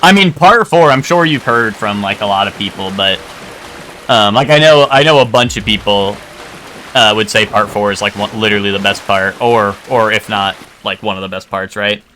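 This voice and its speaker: A man's voice: fairly low pitch, moderate pace, bright, forceful tone, slight background noise. A young man streaming live, chatting casually in a rambling way, full of filler words and restarts and casual swearing. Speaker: game streamer.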